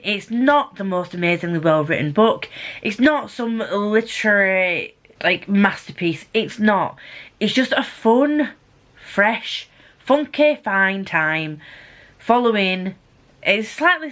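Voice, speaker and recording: A woman's voice: mid-range voice, a bit bright. A young woman chatting casually and enthusiastically about books she read, with playful asides. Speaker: book vlogger. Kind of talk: casual book wrap-up chat.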